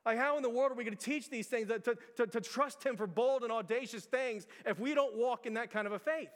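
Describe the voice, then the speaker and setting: High-voiced pastor preaching in a reverberant hall. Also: male voice, fast talker, fairly bright tone. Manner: earnest, repetitive rhetorical questions. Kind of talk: sermon.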